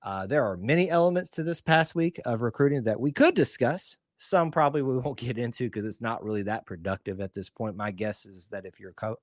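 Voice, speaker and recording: A man's voice: medium pitch, no room sound, studio quality. A man from Alabama with an Alabama Southern accent, co-hosting a casual sports podcast in a rambling, joking, self-deprecating way. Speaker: podcast co-host.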